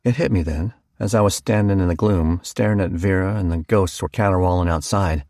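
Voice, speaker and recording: Male audiobook narrator, deep, dry, folksy storyteller. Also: fairly quick, darkish tone, no echo. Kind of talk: first-person audiobook narration.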